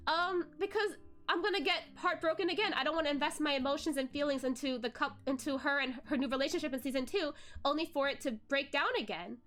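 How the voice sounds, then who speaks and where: A young woman with a high voice chats casually to her stream viewers, swinging up into animated, emotional peaks. She talks freely with fillers and little laughs. Soft background music plays faintly behind her. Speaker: VTuber host. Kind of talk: casual chat to viewers, venting about a drama.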